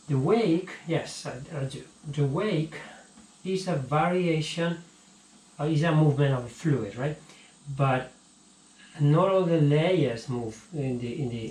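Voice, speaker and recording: A man teaching a casual physics lesson, halting and repeating words as he explains, recorded on an action camera at home. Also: on the high side, a little mellow. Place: home room. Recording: echoey room with faint ambience.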